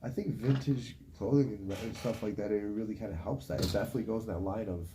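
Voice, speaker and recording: Fast-talking man hosting radio. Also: lowish voice. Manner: animated, laughs, does quick voices in stories. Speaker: radio show host. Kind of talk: casual radio chat. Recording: faint ambient noise.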